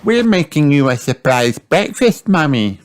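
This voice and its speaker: A man voicing a bubbly little girl piglet in a storybook read-aloud, high and eager. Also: big pitch swings, measured pace, slight background noise. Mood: excited.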